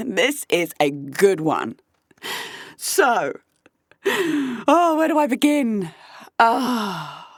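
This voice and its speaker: A woman's voice: fairly high pitch, no echo, clean studio sound. A woman hosting a podcast who tells a personal story in a candid, profane way and keeps breaking into laughter. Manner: animated, profane, laughing between lines. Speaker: podcast host.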